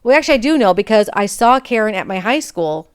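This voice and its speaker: Candid woman podcaster, smooth voice. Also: mid-range voice, animated, quick pace. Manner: candid, chatty, digressive. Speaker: podcast host. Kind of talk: personal storytelling.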